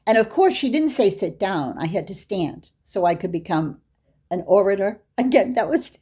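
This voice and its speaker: A woman's voice: mid-range voice, expressive, normal speed, dark tone, husky. An older woman giving a storytelling lecture, recounting anecdotes and acting out the dialogue in her own voice. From Boston area, USA. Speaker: Islamic lecturer.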